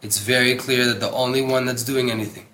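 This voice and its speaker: A man's voice: mid-range voice, fairly even intonation, brisk, pushed and bright, a little hiss or hum. Earnest man teaching a religious text. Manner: earnest, emphatic, repeats words for stress; mixes in Hebrew terms. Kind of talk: Torah class reading and translating a text.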